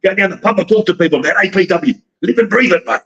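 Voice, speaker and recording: Cocky high-voiced Australian promoter man. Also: fast, breathy edge, dull audio. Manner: calls everyone mate, loud and cocky. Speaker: wrestling promoter guest. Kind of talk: brash boastful banter.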